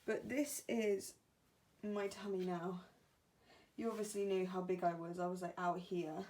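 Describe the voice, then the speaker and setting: A woman's voice: fairly low pitch, flat delivery, unhurried, darkish tone, slight background noise. A woman in her late teens, a new mother vlogging from her bedroom at home, tired and short of breath, chatty and apologetic with many ums. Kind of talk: casual vlog chat.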